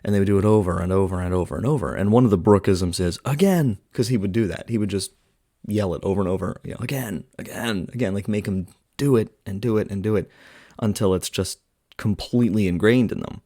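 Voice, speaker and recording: A man's voice: low voice, fairly even intonation, fast, mellow, dry recording, clean studio sound. A man hosting a podcast, casually retelling and reviewing a film in a chatty way, with lots of filler words and quotes he acts out.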